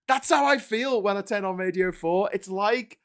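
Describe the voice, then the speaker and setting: Sarcastic man, slightly high voice. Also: fairly bright tone, clean tone. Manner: sarcastic, rambling, quick to laugh. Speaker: host. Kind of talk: casual livestream commentary on the papers.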